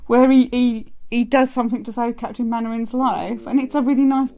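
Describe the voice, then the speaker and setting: Woman cohost, earnest and emphatic, slightly high voice, chatty. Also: steady tone, fairly quick, narrow, tinny audio. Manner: earnest, emphatic, argues her point. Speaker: podcast co-host. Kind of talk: casual chat.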